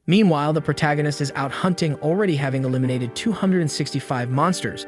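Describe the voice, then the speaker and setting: A man tells the story in an easy, conversational way, as if recounting it to a friend. His voice sits a little high for a man. Quiet music plays underneath. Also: fast talker, hardly any pauses. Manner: breezy retelling, slips into characters' lines. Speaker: recap narrator. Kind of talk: casual story recap narration.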